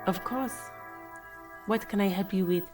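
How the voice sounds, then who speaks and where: A woman's voice: mid-range voice, unhurried, lightly acted. An actress voicing a polite woman dispatcher who gives directions in a matter-of-fact way. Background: game music.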